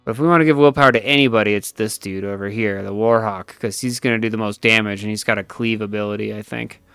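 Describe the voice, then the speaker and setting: A man's voice: on the low side, fairly even intonation, fast talker, fairly bright tone, smooth, dry recording, soft background music. A man playing a strategy game on stream, thinking aloud as he plans his moves. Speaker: player and co-host. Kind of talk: casual gameplay commentary.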